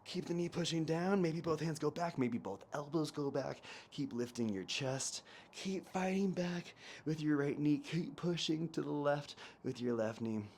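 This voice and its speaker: A man's voice: on the high side, measured pace, darkish tone, a little hiss or hum. A man leading a home mobility workout on a new mic, giving cues and countdowns and joking as he goes. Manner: coaching cues, counts down, jokes and laughs. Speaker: fitness instructor. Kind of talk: guided mobility class instruction. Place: home, lawn blower outside. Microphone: new microphone.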